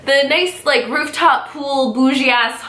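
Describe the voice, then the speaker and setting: A young woman vlogger chats through a storytime in a bright, fairly high voice. She fills her sentences with "like". The room around her is echoey. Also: measured pace. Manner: chatty, heavy on "like" fillers. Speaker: beauty vlogger. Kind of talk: casual storytime vlog.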